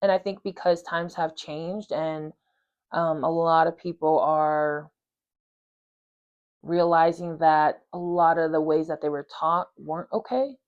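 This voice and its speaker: An earnest woman hosts a podcast in a lower voice and thinks aloud casually, with many fillers and restarts. Her recording sounds muffled and lo-fi. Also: steady tone, measured pace. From Polynesian community. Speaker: podcast host. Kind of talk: reflective casual talk.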